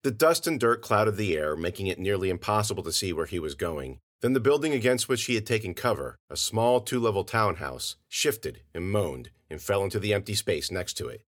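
A man narrates a scripted audio story in a low voice. His delivery is expressive and lively, swinging widely in pitch as he tells it. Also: a little fast, few pauses.

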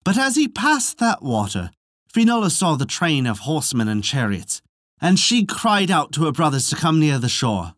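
Storyteller reading a legend aloud, very lively pitch, dry close sound. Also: no echo. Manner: measured, expressive reading. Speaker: storyteller narrating folklore. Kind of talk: audiobook-style narration.

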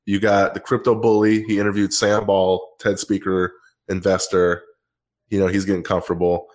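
A man's voice: low voice, little pitch movement, moderate pace, a little mellow. A man co-hosting a podcast, giving a breezy rundown in casual chat. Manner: breezy, rundown-style listing. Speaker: podcast co-host.

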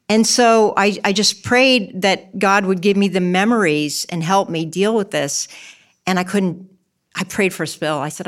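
A woman's voice: mid-range voice, normal speed. A middle-aged woman giving a candid personal testimony in an interview, emotional and acting out her own past words. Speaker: guest telling her testimony. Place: church.

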